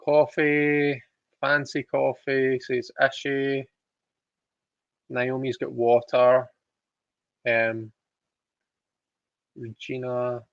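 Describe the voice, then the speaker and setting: A man's voice: mid-range voice, monotone, very slow, pauses often, smooth, no room sound, muffled recording. A man hosting a livestream, chatting casually, reading out viewer comments with giggly, self-deprecating asides. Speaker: livestream host reading tarot.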